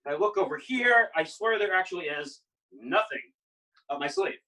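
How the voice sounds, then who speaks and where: Bright, playful man doing magic patter. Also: high-pitched, expressive, moderate pace, far from the mic, poor audio. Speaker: illusionist performing. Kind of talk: patter for a live online magic act. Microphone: video call.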